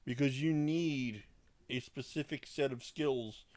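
A man's voice: medium pitch, measured pace, darkish tone, no room sound. A man co-hosting a casual podcast, ranting indignantly with heavy swearing, recorded on a desk mic. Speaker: podcast co-host.

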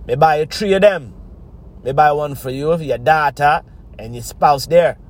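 A man voicing a laid-back male Jamaican buddy with a slow patois drawl, recorded inside a car. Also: a little high, voice pushed down, close to an everyday voice. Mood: boastful.

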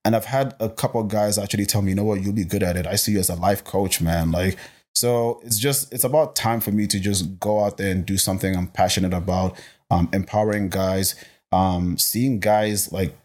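A fairly low-voiced man who grew up in Botswana speaks in a casual interview, with fire and energy. He restarts sentences often and jumps in pitch when he gets excited. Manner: energetic, passionate, many restarts. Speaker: interview guest, life coach.

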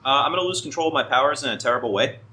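A man's voice: mid-range voice, lively intonation, very fast, bright, forceful tone, rough recording. A man playing a tabletop game, talking casually and hesitantly with plenty of fillers. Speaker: player.

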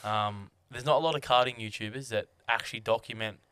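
A man's voice: medium pitch, brisk, a bit bright, clean tone, dry recording, clean studio sound. A young Australian man co-hosting a podcast in casual chat, laid-back, with crude joking banter. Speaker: podcast co-host.

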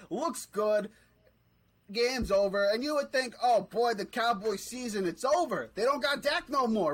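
A man co-hosting a casual sports podcast, worked up and ranting with loose swearing. His voice sits high and leaps around with animated swings in pitch. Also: low-quality recording. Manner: fired-up ranting; swears freely. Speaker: podcast co-host.

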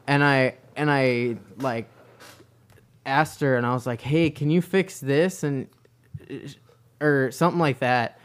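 A man's voice: mid-range voice, steady tone, slow, clean tone. A young man co-hosting a podcast, telling a story animatedly in casual chat, acting out quotes and swearing casually. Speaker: podcast co-host.

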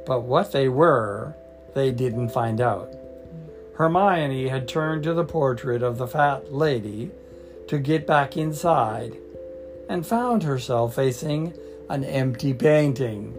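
A man reads a storybook aloud at a slow, patient pace. He stops to explain difficult words, and soft guitar music plays faintly behind him. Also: mid-range voice. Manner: patient, explaining, light laughs. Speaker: storyteller and English teacher. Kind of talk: read-aloud with word explanations.

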